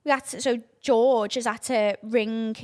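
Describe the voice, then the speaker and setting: A woman's voice: fairly high pitch, fairly even intonation, a little slow, darkish tone. A young woman telling a chaotic story on her podcast, dramatic and sweary. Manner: breathless, dramatic oversharing, lots of swearing. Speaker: podcast host. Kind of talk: casual storytelling.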